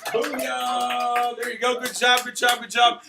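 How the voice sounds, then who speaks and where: A young man emceeing a church awards night, handing out certificates in an energetic, playful way, cheering and joking with the crowd. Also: very high voice, fairly quick, loud music behind the voice. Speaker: youth pastor handing out awards. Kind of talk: live church event emcee. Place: church hall at a live event.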